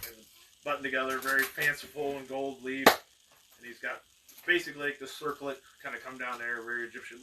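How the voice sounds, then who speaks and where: A man's voice: medium pitch, sharp tone. A man narrating as game master, rambling with many fillers and breaking into acted outbursts. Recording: distant mic with faint noise.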